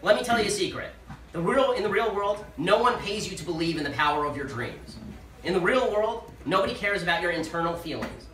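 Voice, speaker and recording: A man giving a political speech at a university, telling sarcastic anecdotes in a rapid-fire manner before a live audience. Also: high voice, expressive, a bit bright. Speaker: guest speaker at a university. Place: large lecture hall with a live audience. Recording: echoey hall, speaker far from mic, audience laughter.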